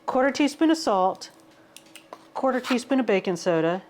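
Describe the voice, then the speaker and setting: A woman's voice: fairly high pitch, lively intonation, moderate pace, darkish tone, a little hiss or hum. A woman, rambling casually through a home cooking and fitness vlog, calling her viewers "y'all". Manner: rambling, self-deprecating, says "y'all" a lot. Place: home kitchen.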